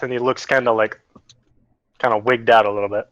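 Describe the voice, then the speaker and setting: A man narrates a tabletop role-playing session as game master, his voice bright and forceful. He speaks casually, pausing often with fillers as he works out the scene. The recording is close and dry, with no room sound. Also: medium pitch, steady tone, no room sound, low-quality recording. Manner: casual, hesitant, many fillers.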